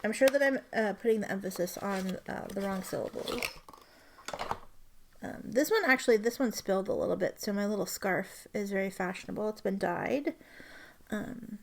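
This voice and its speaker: A woman's voice: medium pitch, normal speed, gravelly, background noise. A young adult woman chatting casually as she swatches inks for her vlog, often dropping to a half-whisper. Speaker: stationery vlogger. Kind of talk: casual show-and-tell while swatching ink.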